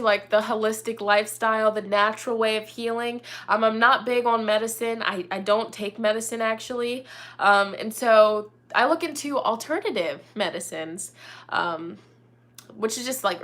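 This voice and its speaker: A woman's voice: mid-range voice, a bit bright. A young woman hosting a casual live chat as a tarot reader, talking in an upbeat, rambling way full of "you know" and "like". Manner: chatty, upbeat, lots of fillers like "you know" and "like".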